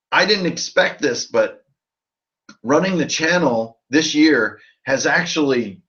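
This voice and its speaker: A man's voice: medium pitch, a bit bright. Tipsy, profane man on a lo-fi stream. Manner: loose, profane and rambling. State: tipsy from drinking. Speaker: host of a tabletop RPG channel. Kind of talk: casual live-stream chat. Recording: dull lo-fi sound.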